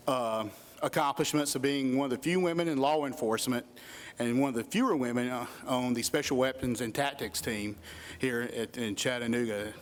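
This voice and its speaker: A man's voice: medium pitch, a little fast. A middle-aged man gives a heartfelt induction speech as a coach. He speaks into a podium microphone in a school hall, building emphasis as he lists achievements. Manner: earnest, listing achievements with rising emphasis. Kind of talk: emotional ceremony speech.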